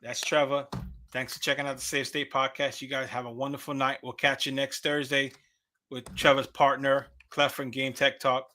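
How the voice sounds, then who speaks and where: A man's voice: medium pitch, flat delivery, normal speed, bright, forceful tone. A man hosting a casual podcast, upbeat and jokey. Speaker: podcast host.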